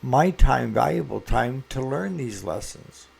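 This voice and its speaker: A man's voice: medium pitch, lively intonation, a little slow, creaky, a little mellow, slight background noise. A man who owns a small engine repair shop, talking casually to camera and giving earnest, folksy advice.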